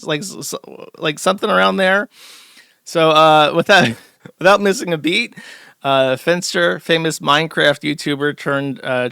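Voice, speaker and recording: Sarcastic male commentary host, bright voice. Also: mid-range voice, clean tone, dry recording, studio quality. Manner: sarcastic, mocking. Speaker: show host. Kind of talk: casual commentary.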